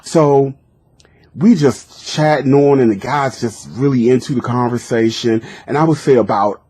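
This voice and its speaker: A man in casual conversation, telling an animated story and acting out what people said. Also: mid-range voice, moderate pace, breathy edge. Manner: animated storyteller, acts out quotes.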